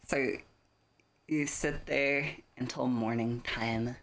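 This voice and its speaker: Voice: mid-range voice, fairly even intonation, slow pace, slight background noise. A streamer running a tabletop horror game as game master, casually narrating the scene and swearing freely. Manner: casual, swears freely, stops to thank viewers.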